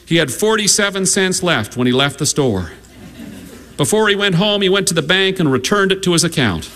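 A man reading a story aloud in a measured, gently humorous way. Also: high voice, animated.

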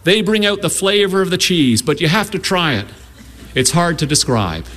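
A man reading aloud, voicing a young boy who earnestly explains the dinner he cooked, in a high voice. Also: big pitch swings, moderate pace, heavy background noise. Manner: careful, earnest, a little proud. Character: earnest young boy cooking for his family.

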